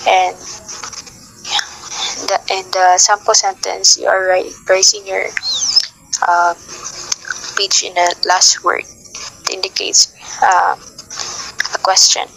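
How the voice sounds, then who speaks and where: A young woman teaching a class, reading her notes at a steady pace with frequent filler sounds. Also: medium pitch, slow pace, creaky, long pauses, slight background noise, low-quality recording.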